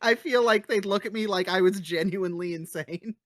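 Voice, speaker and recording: A podcast host giving a lively, chatty episode recap, with frequent fillers and quick laughs. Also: mid-range voice, no room sound, clean studio sound.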